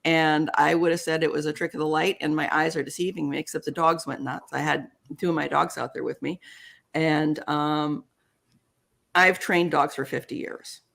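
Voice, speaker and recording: Older woman guest, animated storyteller, plays out both sides of remembered dialogue. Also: sits low, moderate pace, gravelly. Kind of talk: storytelling in an interview.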